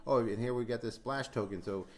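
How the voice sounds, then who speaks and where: A man hosting a crypto stream in casual chat, telling animated stories, acting out dialogue, swearing and laughing often. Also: mid-range voice, a little fast.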